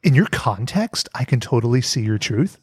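A man's voice: mid-range voice, big pitch swings, moderate pace, slightly rough, no room sound, clean studio sound. A man hosting a comedy podcast, joking and laughing as he talks. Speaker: podcast host. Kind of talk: casual comedic chat.

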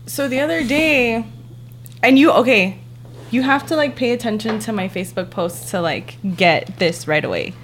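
A woman's voice: on the high side, normal speed, a little hiss or hum. Give me a profane young woman telling a story. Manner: profane, heavy use of "like", animated retelling. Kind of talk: casual chat.

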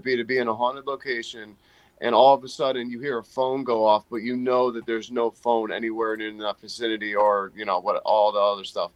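A man hosting a podcast, talking in an excitable, loose way with lots of fillers. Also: medium pitch, brisk, no room sound. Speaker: podcast host. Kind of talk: casual chat.

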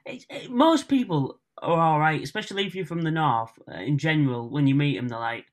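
A young man with a Hull accent, guest on a podcast, chatting quickly and laughing often over a video call. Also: fairly high pitch, expressive. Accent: Hull, Northern English. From Hull, England. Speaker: guest comedian. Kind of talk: casual podcast chat.

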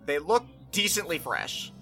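Game master, dramatic paced narration, bright clear tone. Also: medium pitch, very animated, faint music behind. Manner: measured, dramatic narration with pauses.

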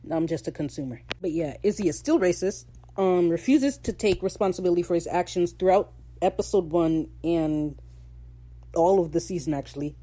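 Woman, podcast host, casual recap, sarcastic and slangy, warm low voice. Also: moderate pace. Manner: sarcastic, animated, slangy rants.

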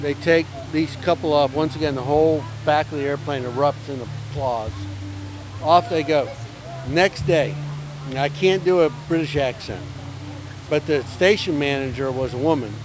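Guy pilot telling a story, bit higher voice, acts out the quotes, music playing behind. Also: normal speed, poor audio. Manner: animated anecdote-telling with acted-out quotes. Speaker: airline pilot telling stories. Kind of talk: casual storytelling.

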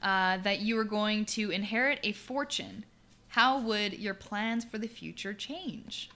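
A young woman in her twenties chats on a podcast with a close friend. Her voice is bright and clear-edged, and she rambles a little, restarting sentences and laughing along as she goes. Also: mid-range voice, measured pace. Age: 20s. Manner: chatty, laughs often, trails off and restarts. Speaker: podcast co-host. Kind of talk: casual chat.

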